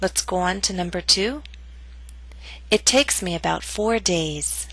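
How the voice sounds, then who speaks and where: Calm woman reading a pronunciation lesson. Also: lowish voice, poor audio. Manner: slow, careful model sentences for repeating. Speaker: English pronunciation teacher. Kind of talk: scripted instructional narration.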